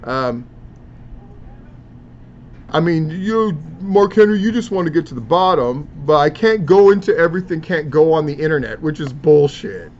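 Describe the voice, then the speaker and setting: A man's voice: a little high, expressive, moderate pace, a little mellow. A man hosting a podcast, reading social media posts aloud in casual, profane, sarcastic commentary. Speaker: podcast host. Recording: dull lo-fi sound with faint noise.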